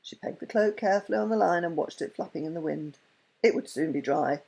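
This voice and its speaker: A woman reading a children's story aloud with an expressive, lilting delivery. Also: fairly low pitch, brisk, vocal fry, breathy edge.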